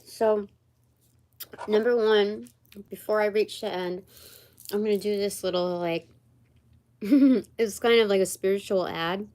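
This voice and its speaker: A woman giving a livestreamed tarot reading in a slow, meandering way, pausing often and searching aloud for words. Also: medium pitch, darkish tone. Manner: slow and meandering, many pauses and fillers. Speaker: tarot reader and channeler. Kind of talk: livestreamed spiritual card reading.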